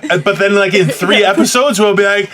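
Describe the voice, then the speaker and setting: A man's voice: high voice, brisk, slight background noise. A man co-hosting an unscripted chat show, ranting and joking with lots of swearing and playful quoted voices. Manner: profane, joking, animated rant; puts on silly voices when quoting people. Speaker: co-host.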